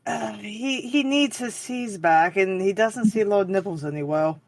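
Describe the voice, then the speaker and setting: A player in a tabletop game who reacts excitedly to the story. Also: medium pitch, unhurried, no room sound. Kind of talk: casual tabletop play.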